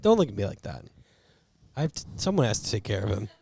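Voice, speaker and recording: A man's voice: on the low side, very animated, fast talker, gravelly, darkish tone. A young man co-hosting a casual movie review podcast, joking around, laughing often and acting out lines from the film. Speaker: podcast co-host.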